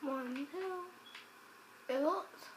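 A woman giving let's play commentary as a gaming channel host, chatting to viewers and bursting into loud exclamations. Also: high voice, extremely slow. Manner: chats directly to viewers.

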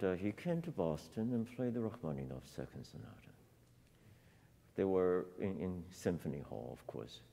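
A man's voice: deep voice, dark tone. A man in his fifties, a piano teacher giving a master class, telling stories in a reflective way with many fillers and laughs. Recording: reverberant hall.

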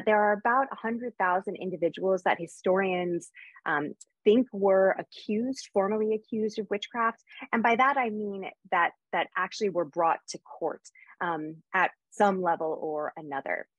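An American woman historian giving a quick, lively academic lecture with frequent fillers over a video call. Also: medium pitch, no echo, lo-fi sound. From United States. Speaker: historian giving a conference talk.

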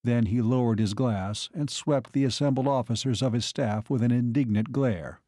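Male audiobook narrator, mid pitch, dead-dry close studio read, measured. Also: no room sound. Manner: measured, even storytelling. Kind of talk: scripted narration.

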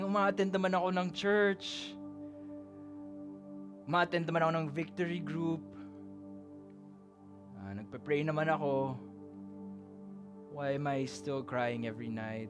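A man with a Filipino accent preaching a sermon and leading an altar call, earnest and repetitive, slipping Tagalog phrases into his English. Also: mid-range voice. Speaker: pastor.

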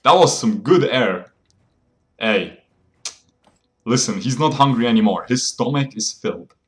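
A man's voice: mid-range voice, expressive, a little slow. Laughing, boastful young gaming streamer guy. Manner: boastful, playful, laughs often, calls viewers boys. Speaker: game streamer. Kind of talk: joking live gameplay commentary.

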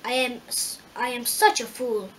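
A woman's voice: on the high side, steady tone, normal speed, fairly bright tone, a little hiss or hum, close to an everyday voice, rough recording. A woman reading a humble, self-doubting scarecrow. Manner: modest, self-deprecating tone.

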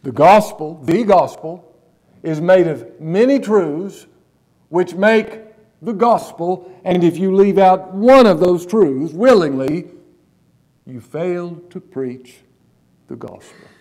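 Man preaching in church, kinda high voice but soft and mellow, drags out the big words for emphasis. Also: lively intonation. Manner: emphatic preaching, slows and stresses key words, asks the congregation questions. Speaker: pastor. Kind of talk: sermon.

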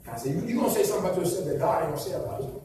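A man's voice: a little high, lively intonation, very fast, a crowd in the background. A man preaching a sermon as pastor, in a sing-song preacher's cadence full of repeated questions. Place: church sanctuary. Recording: echoey church from far off with loud music.

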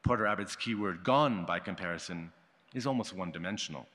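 A man giving a conference talk, reading a prepared academic paper in a formal, measured way and marking quotations aloud. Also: low voice, fairly bright tone. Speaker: conference speaker. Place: conference hall. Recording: long hall reverb.

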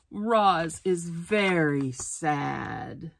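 A woman teacher reads a children's picture book aloud, stopping to sound out words letter by letter. She speaks very slowly, in a lowish voice. The sound is dry and close. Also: animated, fairly bright tone, no room sound. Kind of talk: reading a picture book aloud for a phonics lesson.

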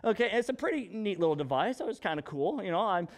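A male pastor giving a casual, animated sermon full of jokes. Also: high-pitched, quick pace. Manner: animated, jokey, conversational preaching.

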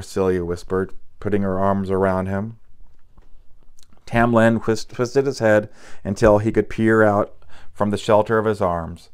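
A man narrating an audiobook in a low, smooth, resonant voice. He reads steadily, now and then tripping and restarting a word. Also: measured pace. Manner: steady reading with occasional stumbles and restarts.

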